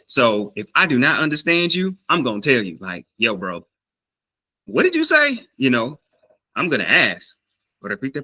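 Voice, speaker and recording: Over poor audio, a medium-pitched Southern US man tells an animated story in a laid-back vlog about learning a language. His speech is packed with fillers and restarts, and he voices the people he quotes.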